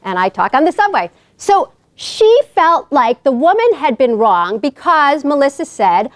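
Lively joking New York woman lecturing. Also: high-pitched, moderate pace, few pauses, no room sound. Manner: animated, joking storyteller. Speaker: guest lecturer. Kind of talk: humorous lecture. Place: college lecture hall.

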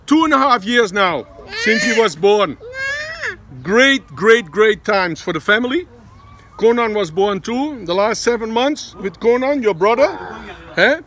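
A man's voice: sits high, lively intonation, a little slow, fairly bright tone. A man with a Dutch accent, a vlogger father chatting casually and teasingly, often tagging his lines with "eh?". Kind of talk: casual family vlog chat. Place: outdoors at a busy school.

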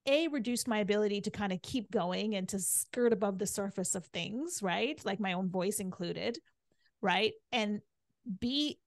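A woman's voice: medium pitch, moderate pace, no echo, studio quality. A middle-aged woman guesting on a podcast, telling her story candidly and chattily, with "like" and "right?" in nearly every sentence.

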